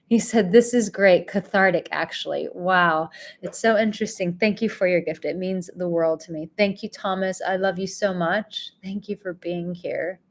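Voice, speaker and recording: A woman hosting a live stream, reading out viewers' comments and thanking them in a gentle, effusive way. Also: fairly low pitch, fairly even intonation, normal speed. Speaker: livestream host and relationship coach.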